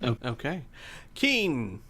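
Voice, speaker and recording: A man's voice: medium pitch, huge pitch swings, slow, bright, forceful tone. A man running a tabletop role-playing game as game master, making rulings in a laid-back way and chuckling as he goes.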